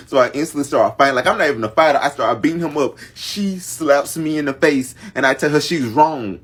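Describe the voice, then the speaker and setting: A man's voice: medium pitch, fairly quick, fairly bright tone, slightly rough. A man telling a long family story in casual storytime fashion, dramatic and talking straight to his viewers. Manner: dramatic, addresses viewers directly. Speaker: storytime vlogger.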